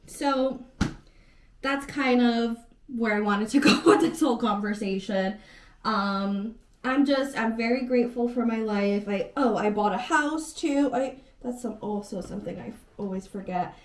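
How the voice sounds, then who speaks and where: A woman's voice: fairly high pitch, unhurried. A woman in her late twenties, chatting casually in a home vlog, rambling and often correcting herself mid-sentence. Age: 20s. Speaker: vlogger.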